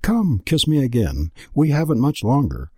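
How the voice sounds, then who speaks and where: A man voicing a gentle, resigned young female slave in a storybook reading, speaking softly. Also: medium pitch, wildly swooping pitch, normal speed, breathy edge, dry recording, clean studio sound, pitched above the performer's own voice. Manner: soft, hushed pleading.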